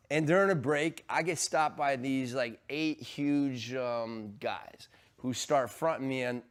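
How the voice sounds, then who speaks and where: A man, an actor, chatting with a castmate and telling a funny anecdote with bits of laughter. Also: medium pitch. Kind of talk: casual conversation with a castmate.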